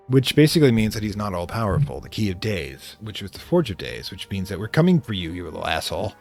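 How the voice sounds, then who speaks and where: A man's voice: deep voice, sing-song, a little fast, gravelly, soft background music. Playful man narrating a game. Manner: playful, slips into mock-villain theatrics. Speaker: let's play host. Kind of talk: casual gameplay commentary.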